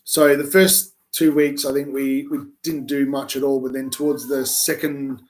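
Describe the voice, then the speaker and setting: A young man from South Australia, an army reserve recruit answering interview questions in a casual, animated way with lots of restarts. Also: mid-range voice, moderate pace. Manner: animated storyteller with many restarts.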